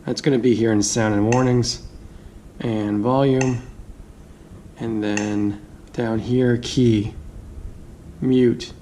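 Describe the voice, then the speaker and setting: A man's voice: mid-range voice, fairly even intonation, slow, pauses often, dark tone, slight background noise. A man giving a casual hands-on product review, chatty, thinking aloud and laughing easily.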